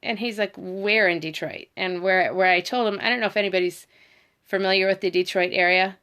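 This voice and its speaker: A woman's voice: medium pitch, fairly even intonation, brisk, fairly bright tone, clear, resonant tone. Chatty middle-aged woman. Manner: chatty, rambling, talks to viewers and her dog. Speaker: vlogger. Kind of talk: casual storytelling livestream.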